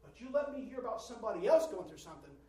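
High-voiced fervent preacher in an echoey church. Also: male voice, big pitch swings, rapid-fire, far from the mic. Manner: fervent, swells from quiet asides to shouting; call-and-response with the congregation. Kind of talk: sermon. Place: church sanctuary. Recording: echoey church, voice picked up from afar.

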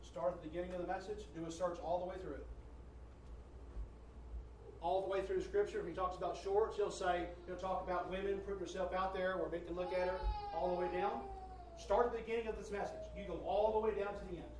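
A man preaching as pastor to his congregation, reading quotes slowly and loudly with a preaching cadence. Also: high-pitched, fairly even intonation, slight background noise. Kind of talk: sermon. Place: church sanctuary. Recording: echoey church from far off.

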